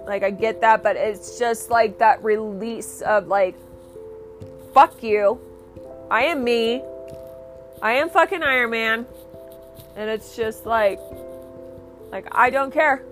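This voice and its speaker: A woman's voice: on the high side, a bit bright. A young woman hosting her own podcast, rambling and swearing through a casual, enthusiastic rant. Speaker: podcast host.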